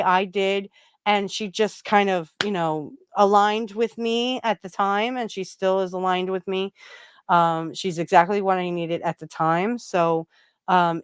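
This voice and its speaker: Smooth-voiced woman hosting a chatty podcast. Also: medium pitch, dry recording, clean studio sound. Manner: rambling, full of fillers and restarts. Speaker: podcast host. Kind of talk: casual spiritual chat.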